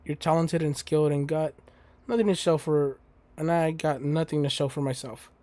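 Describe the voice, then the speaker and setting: A man's voice: a little high, fairly even intonation, normal speed, a little mellow, dry recording. A young man playing a game on stream, reading its text aloud and breaking off into crude, joking asides. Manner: crude, joking asides between read lines. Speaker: let's play host. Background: faint game music.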